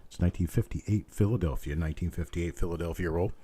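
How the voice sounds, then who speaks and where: A man hosting a live coin auction, hoarse from losing his voice, calling out bids in a steady chant with chatty asides. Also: low voice, fast, slight background noise.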